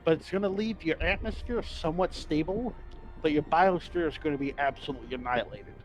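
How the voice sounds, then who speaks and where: A man's voice: on the high side, a little fast, faint music behind, rough recording. A man hosting a casual lore podcast, enthusiastic and profane, quizzing his co-hosts. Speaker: podcast host.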